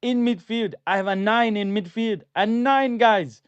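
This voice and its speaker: A man's voice: sits high, a little slow, smooth, no room sound, muffled recording. A man putting on an impression of a self-praising football manager, mock-grand and tacking "guys" onto every line. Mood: mock boastful.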